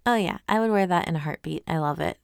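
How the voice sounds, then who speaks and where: A woman with a lowish, smooth and resonant voice talks through a webtoon episode in a casual way. She is animated and full of questions, and she reads viewer comments aloud as the host. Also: quick pace, no echo, clean studio sound. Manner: animated, asks many questions.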